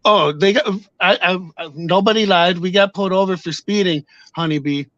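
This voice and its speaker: A man casually telling a story to his viewers on camera, heated and profane, acting out shouted exchanges. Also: high voice, normal speed, dry recording, highs cut off. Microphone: camera mic.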